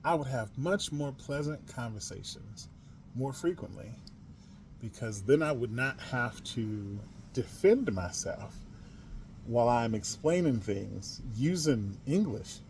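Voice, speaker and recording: An American man hosting a podcast alone, in a casual, emphatic monologue. His voice sits at an ordinary middle pitch, dropping low and quiet before rising into loud stresses, and he sometimes spells words out letter by letter. A faint noise runs behind him. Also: animated, takes it slowly. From United States. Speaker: podcast host.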